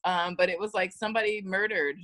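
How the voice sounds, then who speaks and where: A woman's voice: medium pitch, quick pace, no echo. An American woman, a model and actress, chatting as a guest and telling stories with acted-out quotes and frequent laughs. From United States. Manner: lively storytelling, acts out quotes, laughs often. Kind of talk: casual interview chat.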